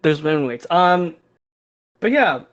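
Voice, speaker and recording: Podcast co-host, fairly high male voice, chatty and agreeable, casual talk over a call mic. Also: big pitch swings, slow pace, dull audio. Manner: chatty, agreeable, frequent yeahs. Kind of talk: casual chat.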